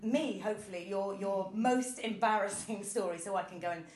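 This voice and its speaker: A woman's voice: mid-range voice, normal speed, very noisy. A woman doing stand-up, telling a self-deprecating story on stage and laughing as she goes. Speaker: stand-up comedian. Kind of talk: live storytelling comedy set. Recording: roomy live venue.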